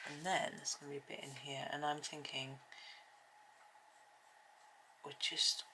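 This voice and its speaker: A middle-aged woman chatting gently and rambling while she colours, often dropping to a near whisper. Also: low-pitched, steady tone, moderate pace, slight background noise, poor audio. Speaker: colouring video host. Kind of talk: soft-spoken colouring tutorial chat.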